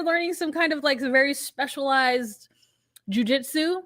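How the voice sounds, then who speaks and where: A woman co-hosting a casual chat, recapping reality TV in an animated, profane way. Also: sits high, unhurried. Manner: animated, profane, mimics people in quotes. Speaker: podcast co-host recapping reality TV.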